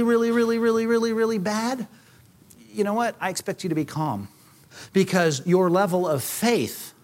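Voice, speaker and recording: A male pastor delivers a sermon in a lively, conversational way, often slipping into voices from the scripture passage. His voice sits fairly high and rises and falls widely. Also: husky. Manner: animated, acts out scripture voices, conversational asides.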